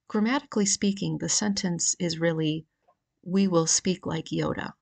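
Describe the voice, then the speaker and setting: Woman lecturer, low gravelly voice, patient and explanatory, home-recorded lesson. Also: fairly even intonation, moderate pace, darkish tone. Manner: patient, explanatory, reading from a grammar. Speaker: Greek grammar teacher. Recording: questionable home audio.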